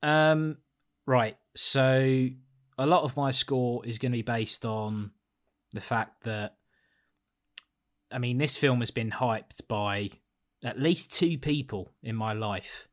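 A man's voice: medium pitch, steady tone, slow. A man with a blunt, sweary, rambling manner, chatting casually as a podcast co-host reviewing a film.

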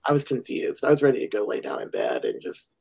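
A woman hosting a podcast interview, talking softly and often slipping into a whisper. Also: very deep voice, huge pitch swings, fast talker, gravelly, slight background noise, poor audio. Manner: soft-spoken, often trailing into a whisper. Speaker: podcast host and burn survivor. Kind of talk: casual interview chat.

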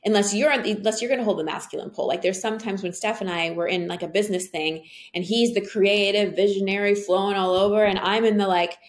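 A woman speaking as a guest in a casual interview, telling stories in an earnest, animated way. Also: mid-range voice, fast talker, hardly any pauses.

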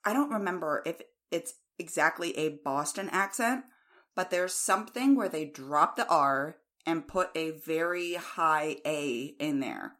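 A woman's voice: low-pitched, lively intonation, a little slow, fairly bright tone. An American woman co-hosting a podcast in casual chat, speaking frankly and with plenty of opinion. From United States. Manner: frank, opinionated, laughs easily. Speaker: podcast co-host.

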